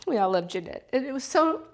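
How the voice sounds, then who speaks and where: A middle-aged woman from California chatting casually about her pottery and a local winery, emotional and laughing as she fights back tears. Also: high voice. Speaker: pottery vlogger. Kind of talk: casual chat.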